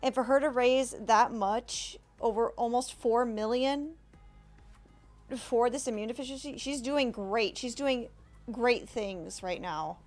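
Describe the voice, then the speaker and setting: Woman streamer, slow and earnest, higher-pitched, stumbling through heartfelt reaction talk. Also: soft background music. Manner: halting, emotional, apologetic, many restarts. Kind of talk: reaction video commentary.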